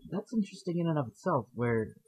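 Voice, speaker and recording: A man's voice: a little high, expressive, fast, a little mellow, slightly rough, low-quality recording. A man hosting a casual gaming podcast, talking in a thoughtful, hedging way. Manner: thoughtful, hedging, reads quotes aloud. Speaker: podcast host. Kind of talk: casual podcast chat about video games.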